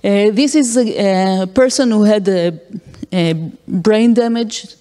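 A woman's voice: mid-range voice, takes it slowly, warm tone. A woman giving an academic lecture, explaining with acted-out examples and frequent fillers. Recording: long hall reverb.

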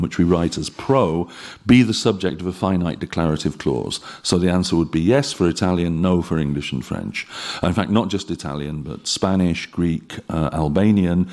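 A middle-aged man with a very low voice lectures on linguistics. He explains in a measured, patient way, pausing often with ums and uhs. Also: a little mellow. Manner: measured, explanatory, with frequent fillers. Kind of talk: academic lecture.

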